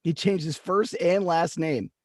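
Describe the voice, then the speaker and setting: A man co-hosting a podcast, telling anecdotes in crude, animated casual chat. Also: fairly high pitch, a little slow, dry recording, clean studio sound. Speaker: podcast co-host.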